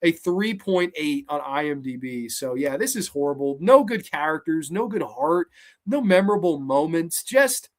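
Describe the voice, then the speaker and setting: A man hosts a podcast, rambling through a casual review of a horror movie. He talks bluntly and swears freely, with lots of fillers and restarts, in a voice a little higher than most men's. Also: lively intonation, normal speed. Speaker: podcast host.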